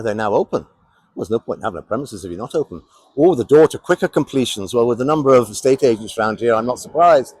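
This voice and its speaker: A man's voice: lowish voice, a little mellow, no room sound. A man with an English accent giving wry, sardonic running commentary as he walks around a town outdoors. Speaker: vlogger on a town walk. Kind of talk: casual walking commentary.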